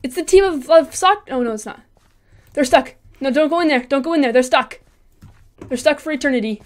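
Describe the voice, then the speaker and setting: A gaming channel host with a high voice narrates her gameplay live at a brisk clip. Excitable, she chatters to herself and taunts the other players as she goes.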